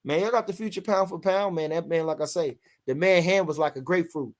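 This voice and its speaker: A man's voice: fairly high pitch, brisk. An older man, hosting a casual live boxing stream in a rambling way, full of fillers, reading out chat comments. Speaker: podcast host.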